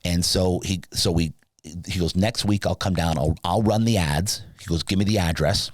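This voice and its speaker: A man, a guest on an interview podcast, telling a long personal story in a casual, animated way and acting out the people in it with sudden high pitch jumps. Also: moderate pace, no echo. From Southern California. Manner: animated, acts out dialogue with big pitch jumps. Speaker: podcast guest, sleep business founder.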